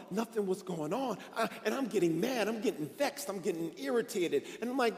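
A male pastor preaching a lively, conversational sermon, full of bursts of excitement, in a church sanctuary. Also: high voice, normal speed. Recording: echoey church hall.

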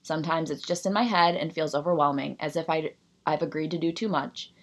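A woman's voice: low-pitched, fairly even intonation, brisk. Ranting sarcastic woman in her thirties. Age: 30s. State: out of breath. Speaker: podcast host. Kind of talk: solo podcast monologue.

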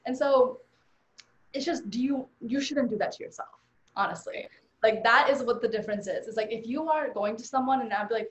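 A young woman hosts a casual podcast chat with a higher-pitched, lively voice. She says "like" often and talks in animated bursts. Her audio sounds roomy and a little dull, with faint hiss behind it. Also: brisk. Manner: animated, heavy use of "like". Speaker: podcast host. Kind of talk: casual conversational storytelling.

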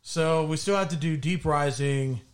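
A man co-hosting a casual podcast from his home studio, chatting in a relaxed, conversational way. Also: fairly high pitch, unhurried. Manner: relaxed, conversational, wraps up the show. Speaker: podcast co-host. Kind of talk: casual chat.

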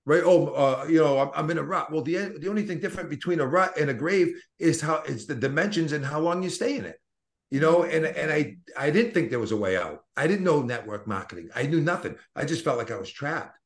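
A man's voice: on the high side, expressive, a little fast. A man in his fifties with a Boston accent, a guest telling his story in a casual interview in an earnest, motivational way, often restarting his sentences. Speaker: network marketing guest.

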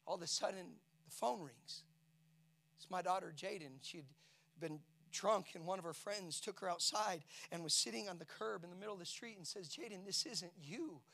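A middle-aged man preaches with a high-pitched voice. He tells a personal story with heavy emotion, moving between quiet near-whispers and full shouts. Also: normal speed, vocal fry. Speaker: pastor. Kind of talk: sermon.

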